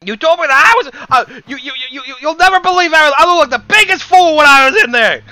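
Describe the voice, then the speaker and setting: A man voicing an irate elderly brother who yells and blames, in a shrill, shouting voice. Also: fast, full character voice. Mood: furious. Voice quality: shrill, yelling.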